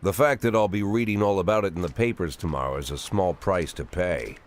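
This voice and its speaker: A man's voice: low voice, a little fast. A man voicing a world-weary police chief of sixty, narrating the game in a dry, sardonic inner monologue. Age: 60s. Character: aging gruff male police chief, cynical, world-weary.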